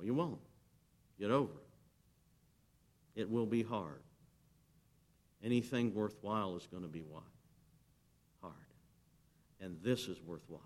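A man's voice: fairly low pitch, a little mellow. A man preaching a sermon as pastor, emphatic and direct. He asks the congregation to answer him and reads scripture aloud.

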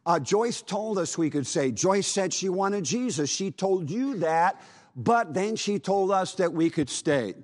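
A man's voice: high voice, lively intonation, measured pace, darkish tone. Stubborn defiant demons, as a man puts them on. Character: stubborn demons refusing to leave.

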